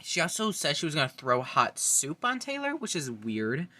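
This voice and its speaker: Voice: mid-range voice, wildly swooping pitch, normal speed, pushed and bright. A young adult vlogger giving a casual, blunt and opinionated ranking monologue, swearing freely. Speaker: reality TV fan vlogger.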